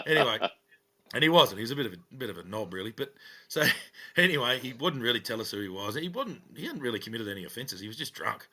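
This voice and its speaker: A middle-aged man, a podcast co-host and police officer, telling funny anecdotes in a lively way with bursts of laughter. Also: medium pitch, quick pace. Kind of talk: casual storytelling chat.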